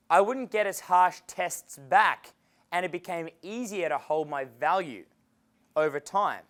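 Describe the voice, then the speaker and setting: A man's voice: high voice, moderate pace, fairly bright tone. A man giving a seminar as a dating coach, casual and chatty, swearing freely and laughing at his own stories. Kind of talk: seminar lecture.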